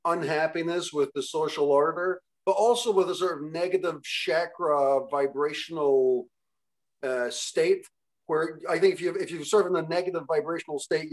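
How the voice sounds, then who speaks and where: A man's voice: a little high, steady tone, normal speed. A man interviewing, talking in long rambling questions full of hesitations and restarts. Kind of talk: casual conversation.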